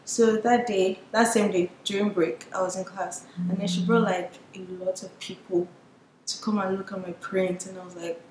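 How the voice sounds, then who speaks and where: A young woman, a business owner telling her story to camera in a lively way and acting out what others said. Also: mid-range voice, moderate pace, echoey room, noisy background. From Nigeria. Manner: lively storyteller who acts out what people said. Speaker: business owner and surface pattern designer.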